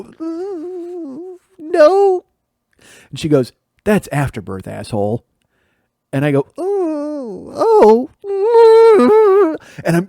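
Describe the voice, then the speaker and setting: A man's voice: high-pitched, a little mellow, dry recording, clean studio sound. A middle-aged man from the Chicago area, hosting a podcast and telling profane stories about his childhood, laughing as he goes. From Chicago area, USA. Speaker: podcast host. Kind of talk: storytelling monologue.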